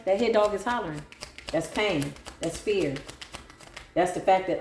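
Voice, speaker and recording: A woman's voice: medium pitch, expressive, normal speed, a little mellow, slight background noise. A woman giving a solo tarot reading, sassy, sarcastic and preachy. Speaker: tarot reader. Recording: echoey room with faint music.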